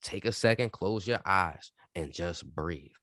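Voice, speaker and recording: A man's voice: low-pitched, unhurried, no echo, studio quality. A man co-hosting a podcast, telling stories in a casual, emphatic and profane way. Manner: animated storytelling, emphatic and profane. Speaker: podcast co-host. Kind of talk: casual chat.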